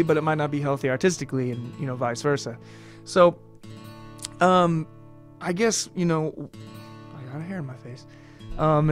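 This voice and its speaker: Easygoing male vocal coach, slightly tired voice. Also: on the high side. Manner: loose, chatty, many ums and restarts. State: voice a little tired. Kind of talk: casual singing lesson.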